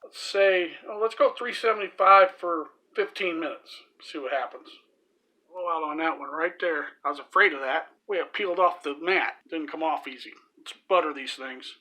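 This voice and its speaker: A man with a bright, forward voice tells a rambling, vulgar anecdote in a home cooking vlog. He swears freely and laughs his way through it. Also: a little high, moderate pace. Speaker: home cooking channel host. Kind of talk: crude storytelling while cooking.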